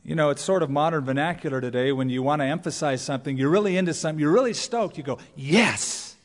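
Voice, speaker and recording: A man preaching a sermon as pastor, animated, with playful asides and mock voices. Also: a little high, racing. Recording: long church reverb.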